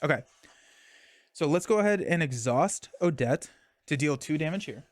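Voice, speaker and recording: A man's voice: on the high side, animated, normal speed, no echo, clean studio sound. A young man casually streaming a card game, talking through his moves and chatting with viewers. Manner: chatty, reads chat and thanks viewers mid-game.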